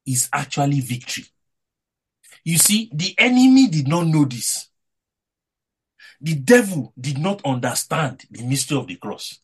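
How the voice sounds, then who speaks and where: A male preacher with a lively voice that swings high and low. His tone is slightly husky. He delivers a devotional sermon with emphatic, rising and falling phrasing. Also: unhurried, long pauses.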